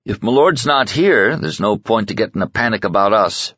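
A steady soldier-bodyguard reports in a plain, matter-of-fact way. A man narrating an audiobook voices him. He sits a bit above the reader's deep voice. The dry, slightly muffled recording has no room sound. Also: normal speed, slightly rough, dry recording.

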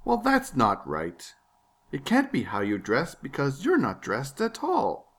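A man's voice: medium pitch, wildly swooping pitch, unhurried, fairly bright tone, voice pushed up, heavily acted. A man voicing an oblivious, matter-of-fact young gnome. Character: oblivious cheerful male gnome, blunt.

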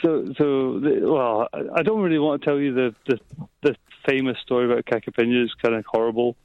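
A man calling in to a late-night radio show on the phone, telling a story haltingly with many restarts. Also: medium pitch, no echo. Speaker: caller. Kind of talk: phone-in chat. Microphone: phone line. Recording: dull phone-line audio.

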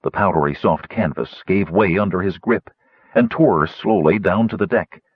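A man narrating an adventure novel aloud in an animated storytelling manner. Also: sits low, normal speed, slightly rough, no room sound, lo-fi sound. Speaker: audiobook narrator. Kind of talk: scripted fantasy narration.

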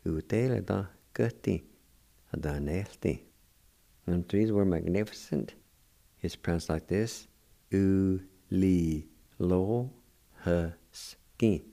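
An older man hosting a radio language lesson, spelling words letter by letter and repeating each pronunciation slowly. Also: low voice, creaky, warm tone. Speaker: radio host teaching language.

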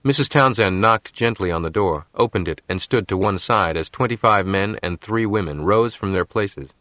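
Brief: deep male narrator, very dry close studio sound, measured reading. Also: a bit bright, dry recording. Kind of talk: audiobook narration.

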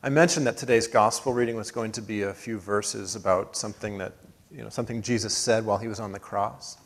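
Male pastor, lower pitch, earnest sermon delivery with rising emphatic swells and soft drops. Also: fairly even intonation, fairly quick. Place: church sanctuary.

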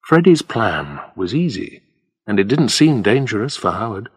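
A man reads a story for language learners, his voice slightly husky and full of lively ups and downs. The sound is dry and close, with no room echo around it. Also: fairly low pitch, normal speed. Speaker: narrator.

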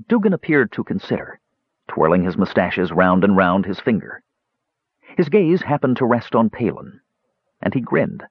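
Male audiobook narrator, low husky voice, lively storytelling, dull dry recording. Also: moderate pace, dry recording. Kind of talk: scripted fantasy narration.

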